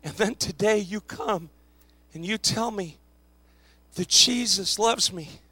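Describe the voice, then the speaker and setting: A man doing a grieving young man whose voice drops low and soft. He speaks in halting, tearful bursts, with a close, dry sound. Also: husky, no echo, heavily acted. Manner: halting, quiet, breaking into short bursts.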